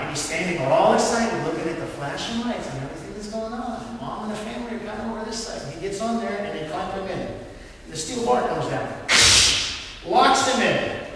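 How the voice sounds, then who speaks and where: A man's voice: sits high, fairly bright tone, slight background noise. A man pastor preaching a sermon and telling a story to his congregation in a church hall. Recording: echoey hall, mic at a distance.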